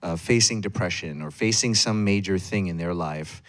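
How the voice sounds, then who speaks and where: Deep-voiced earnest man. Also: moderate pace. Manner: earnest, searching for words. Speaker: stage actor on a panel. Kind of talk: thoughtful panel answer.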